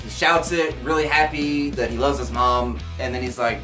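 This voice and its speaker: A young man giving a casual movie review vlog, emotional and excitable, swearing freely as his pitch leaps when he gets worked up. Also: moderate pace, few pauses, faint music behind.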